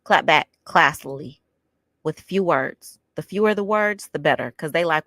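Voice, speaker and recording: A woman reads from a self-help book, dropping sassy, chatty asides as she goes. Her voice sits a little low yet swings up and down a lot. It is recorded close and dry, with no room sound. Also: lively intonation, moderate pace, sharp tone, no room sound. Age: 50s. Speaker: book club host reading aloud. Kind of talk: casual reading with commentary.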